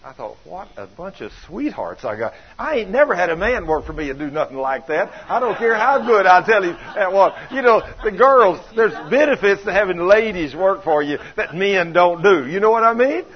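Older guy preaching, husky and kinda high, folksy stories with chuckles, muffled lo-fi sound. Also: sing-song, normal speed, hardly any pauses. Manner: storytelling, chuckling, colloquial grammar. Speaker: pastor. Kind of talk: folksy sermon. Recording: dull lo-fi sound.

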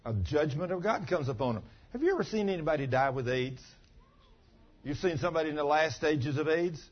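A man preaching a sermon in a husky, slightly raised voice that swoops widely up and down. He hammers his points with rhetorical questions and acts out remembered conversations. The recording sounds dull and lo-fi. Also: a little high, lively intonation, brisk. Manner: emphatic, fond of rhetorical questions.

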